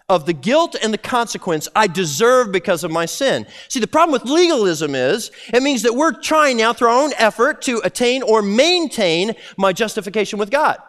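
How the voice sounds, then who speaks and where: A man preaching with a high, lively voice that leaps up and down as he talks. He keeps it conversational and animated, tossing in quick voiced asides as he goes. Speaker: pastor. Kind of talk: sermon.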